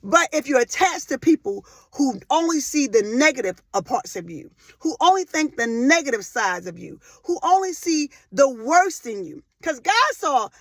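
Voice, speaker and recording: High-voiced impassioned woman speaker. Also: sing-song, moderate pace, hardly any pauses, dry recording. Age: 40s. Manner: impassioned and emphatic, repeating phrases for effect; rises to loud emotional outbursts. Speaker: motivational speaker. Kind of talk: faith-based motivational talk.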